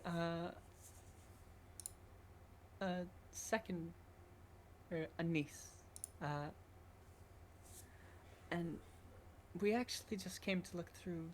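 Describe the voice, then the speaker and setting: A woman playing a tabletop game, talking hesitantly with many halting fillers. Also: fairly low pitch, a little hiss or hum. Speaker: player.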